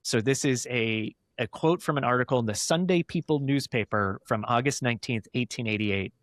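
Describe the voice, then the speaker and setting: A male podcast host with a mid-range voice and a dry, close sound, walking through old cases step by step. He talks casually and warms up quickly, laughing easily. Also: medium pitch, dry recording. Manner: recounts cases in detail, animated, quick to laugh. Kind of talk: podcast chat, storytelling.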